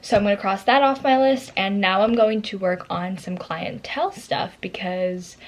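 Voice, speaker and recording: A woman's voice: medium pitch, normal speed, rough recording. A young woman and student talking casually to her viewers in a day-in-my-life vlog, chatty and full of "like" fillers. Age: young adult. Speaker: vlogger.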